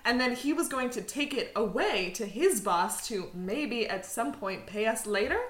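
A woman player role-playing a tough character, speaking in a forceful, demanding way. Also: a little high, lively intonation, moderate pace, recorded from a distance. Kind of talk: in-character tabletop role-play. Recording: roomy echo, off-mic.

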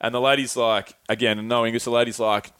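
Young Aussie male guest, relaxed storyteller, salty language, dry close sound. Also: mid-range voice, brisk, clean tone, no room sound. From Australia. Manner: laid-back, swears freely, acts out quoted voices. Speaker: podcast guest. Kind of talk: casual storytelling chat.

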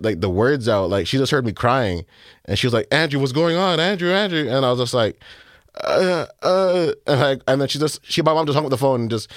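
A man in his thirties, a music producer telling a personal story in an interview, speaking haltingly with many fillers and acting out what people said. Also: mid-range voice, no echo, clean studio sound. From Canada. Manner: halting, filler-heavy, reenacts dialogue.

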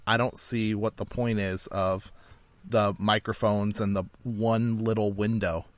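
A man's voice: fairly low pitch, flat delivery, unhurried, no room sound. Laid-back man, dry close sound. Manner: laid-back, rambling with fillers. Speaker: podcast co-host. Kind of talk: casual chat.

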